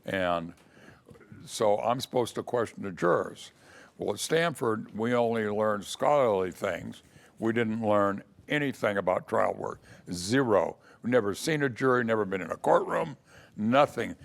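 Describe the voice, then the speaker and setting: A man's voice: fairly low pitch, lively intonation, a little slow, gravelly. An older man recalling his early years as a lawyer in a casual, storytelling way. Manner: storytelling, acts out quoted voices. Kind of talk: casual spoken memoir.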